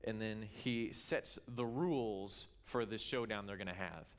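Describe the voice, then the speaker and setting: A Kansas pastor preaches in church, animatedly retelling a scripture story and acting out its characters. His male voice is on the low side, with a measured pace.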